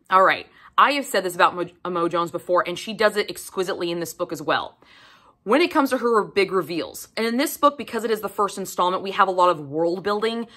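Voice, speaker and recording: A woman casually reviewing a book on camera, swearing freely and talking in an animated, emphatic way. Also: fairly low pitch.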